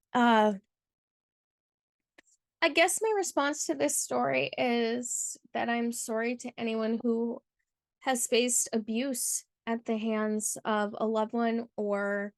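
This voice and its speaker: A woman's voice: on the high side, gravelly, dry recording, studio quality. A woman hosting her channel, reading a viewer's submitted story aloud and then reacting with earnest, heartfelt commentary full of casual fillers. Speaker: channel host.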